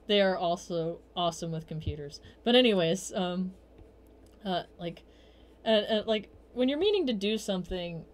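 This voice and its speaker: A young woman hosting a livestream, telling rambling personal stories in a casual chat full of fillers, restarts and quick quoted asides. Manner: quotes herself in bursts of higher voice. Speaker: livestream host.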